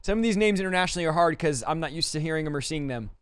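A man hosting a livestream, quickly thanking donors and stumbling over names, a little out of breath. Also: a little high, expressive, smooth, no room sound. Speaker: livestream host.

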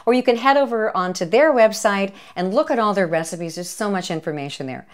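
A woman's voice: mid-range voice, lively intonation, a little fast. A woman hosting a comic cooking demonstration, talking to camera in a playful, chatty way with jokey asides and little cheers. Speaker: cooking show host, home economist.

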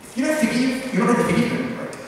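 At a youth meeting in a church hall, a very high-pitched man talks fast and conversationally, with a little hiss or hum on the audio. He keeps asking whether listeners follow and often repeats words as he restarts sentences. The hall is very echoey and he is picked up from a distance.

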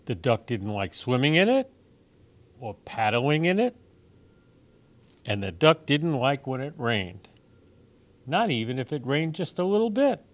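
A man reading picture books aloud for children in a gentle, expressive storytime manner. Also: medium pitch, a little slow, long pauses. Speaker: storytime reader.

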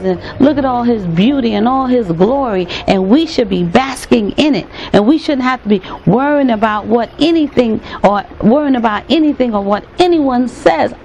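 A woman's voice: a little high, darkish tone, slight background noise. Earnest woman preaching a sermon. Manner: earnest, emphatic, repeats phrases for weight; calls out to the congregation directly.

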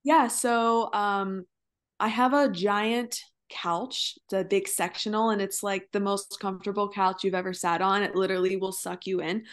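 Bubbly, rambling woman guest on a podcast, a yoga teacher, mid-range pitch. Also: fairly even intonation, normal speed. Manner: bubbly, chatty, rambling with fillers. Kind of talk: casual interview chat.

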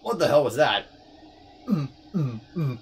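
A young man giving casual gameplay commentary, fast-talking, swearing, often stumbling over words. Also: mid-range voice, sing-song, a little hiss or hum. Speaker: let's player.

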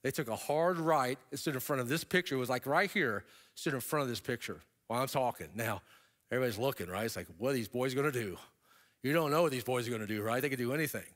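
A man's voice: mid-range voice, quick pace, a bit bright. A middle-aged man giving a storytelling keynote speech, acting out the voices of people in his stories. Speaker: keynote speaker.

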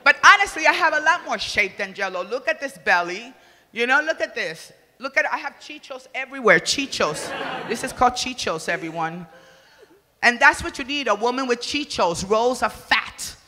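A woman from the Republic, doing a crude, loud stand-up comedy set and shouting her punchlines. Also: on the high side, lively intonation, fairly quick. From Dominican Republic. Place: comedy stage before an audience. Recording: reverberant live venue, faint ambience.

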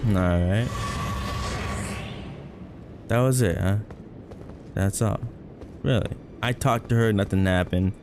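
A man giving casual, excitable gameplay commentary, swearing, joking and reacting loudly. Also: on the low side, slow pace, long pauses. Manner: excitable, swears, jokes and laughs. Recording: voice over game music.

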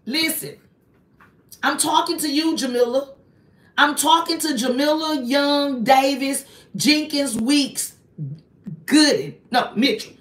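This woman's bright, high voice moves slowly and stops often as she hosts a confrontational live stream. She keeps firing accusing rhetorical questions at a single person, preaching and invoking God as she goes. Her voice sits far from the microphone in an echoey room.

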